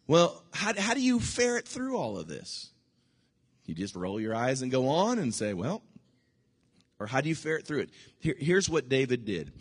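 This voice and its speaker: A male pastor preaching a sermon, emphatic and repetitive, swinging between loud bursts and hushed asides. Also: mid-range voice, very animated, moderate pace, husky. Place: church sanctuary. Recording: long hall reverb.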